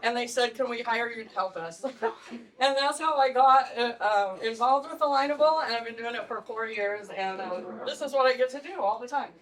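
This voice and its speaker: A woman teaching a live networking workshop, telling animated stories with laughs. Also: on the high side, moderate pace, recorded from a distance, rough recording. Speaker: networking trainer. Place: meeting room with audience.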